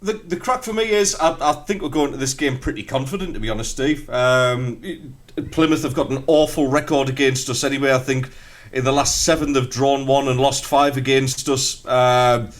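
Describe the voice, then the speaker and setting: A man's voice: mid-range voice, moderate pace. North East English male pundit, chatty and rambling, everyday mid voice. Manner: chatty, frequent fillers and restarts. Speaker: football pundit. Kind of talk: casual radio chat.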